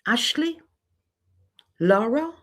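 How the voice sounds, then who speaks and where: A woman's voice: on the high side, animated, drawn-out words. A woman hosting her own channel in a candid livestream monologue, speaking bluntly and getting heated and indignant about what she sees. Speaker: channel host.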